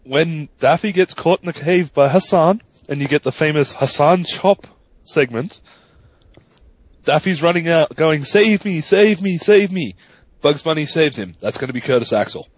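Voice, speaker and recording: A man co-hosting a podcast, spinning animated, profane stories in casual chat. His voice sits a bit high. The sound is dry and dull, like a cheap mic. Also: moderate pace, no echo. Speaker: podcast co-host.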